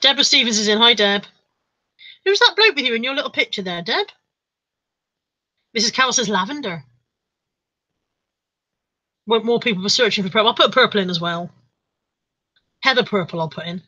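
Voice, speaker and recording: A woman's voice: a little high, expressive, fairly quick, pauses often, bright, forceful tone, muffled recording. A woman hosting a live stream, reading out viewer comments in a playful, mock-dramatic chat. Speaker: livestream host reading chat.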